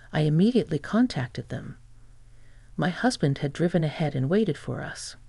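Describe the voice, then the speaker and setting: A woman narrating a first-person story in an even, measured scripted read. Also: sits low, vocal fry, no echo.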